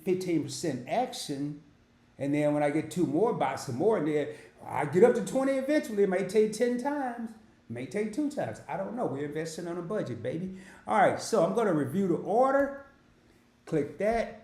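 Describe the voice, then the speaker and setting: A man's voice: fairly high pitch, a little mellow, roomy sound. A middle-aged man hosting an investing channel, talking casually and slangily as he walks through an app on screen. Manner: chatty, slangy, self-joking. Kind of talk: casual screen-share walkthrough.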